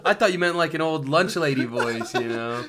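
A man's voice: a little high, moderate pace, a crowd in the background. A man in easygoing casual chat, cracking jokes with a friend. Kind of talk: casual chat about anime.

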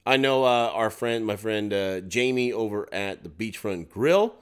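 A man with a low, smooth and resonant voice, co-hosting in easy, casual chat. He rambles a little and often restarts his sentences. He also. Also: lively intonation, unhurried. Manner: chatty, rambling, frequent restarts. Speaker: co-host of a local events podcast.

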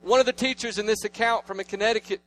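A man in his thirties preaching a sermon, telling family stories and swinging between loud declarations and hushed asides. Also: sits high, fairly even intonation, fast, slight background noise. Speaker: pastor.

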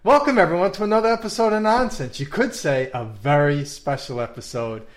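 A man from Long Island hosting a casual podcast chat, playful and animated, laughing often. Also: fairly high pitch, brisk, background noise. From Long Island, New York. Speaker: podcast host.

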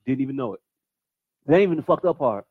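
A man's voice: medium pitch, animated, fast talker, slightly rough, no echo, phone-quality sound. A man hosting a comedy podcast, telling a story in loose, profane banter and repeating "hey, look" to keep the floor. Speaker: podcast host. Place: studio with a live audience.

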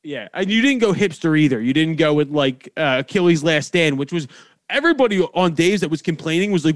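A man's voice: fairly high pitch, animated, no echo, studio quality. A man hosting a podcast, chatting loosely with friends, swearing and laughing often. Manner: loose, profane, quick to laugh. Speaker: podcast host. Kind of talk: casual podcast banter.

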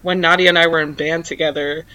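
Young woman, dry self-mocking storyteller, rambling casual chat, bright tone. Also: low-pitched, fairly even intonation, quick pace, rough recording. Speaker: guest.

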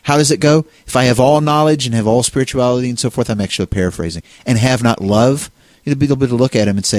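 A man's voice: medium pitch, fast talker, darkish tone, no echo. A man co-hosting a casual discussion on faith, talking in a rambling way with many restarts and fillers. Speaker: co-host.

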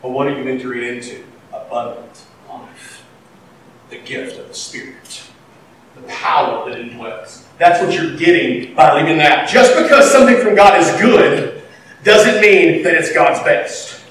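A man preaching a sermon, animated, swinging between loud and quiet. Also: on the high side, measured pace, slight background noise. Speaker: pastor. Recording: echoey hall, mic at a distance.

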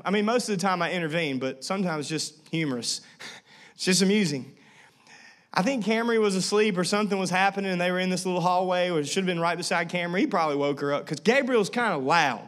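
A man preaching a sermon as a pastor, telling family stories with playful asides and acting out voices. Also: high voice. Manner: animated storytelling with playful asides and acted-out voices.

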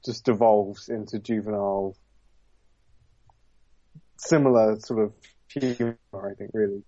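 A man with a mellow, dark voice joins a casual podcast conversation. He speaks in a doubtful way and hedges his points. The sound is dry. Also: fairly low pitch, steady tone, measured pace, no room sound, dull audio. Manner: doubtful, hedging. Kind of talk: casual chat.

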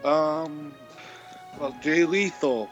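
A man's voice: a little high, drawn-out words, highs cut off, faint music behind. A man hosting a casual podcast, ranting and joking crudely. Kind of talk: casual chat.

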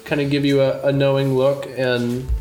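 Halting man narrating a tabletop game. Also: medium pitch, flat delivery, darkish tone. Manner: halting, many ums. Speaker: game master. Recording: echoey room with music.

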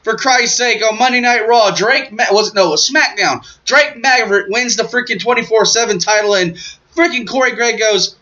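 A man's voice: high voice, normal speed, pushed and bright. A man co-hosting a casual chat, enthusiastic, joking and emphatic. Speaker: podcast co-host. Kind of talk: casual chat about pro wrestling. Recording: muffled lo-fi audio.

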